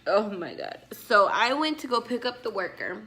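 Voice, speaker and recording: A woman's voice: mid-range voice, very animated, normal speed, pushed and bright. A young woman vlogger telling a story in a casual, sassy way, with lots of asides to her viewers.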